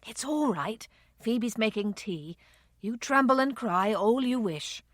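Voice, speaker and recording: A woman reading the part of a kind older friend in an audiobook, her delivery gentle and soothing. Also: a little high, lively intonation, slow, no echo, studio quality.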